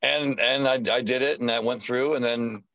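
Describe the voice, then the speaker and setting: A man who is a tattoo artist, guesting on a podcast and telling stories in a profane, animated way, swearing constantly. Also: medium pitch, normal speed, gravelly, no echo, highs cut off. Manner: animated anecdotal storyteller. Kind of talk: casual storytelling chat.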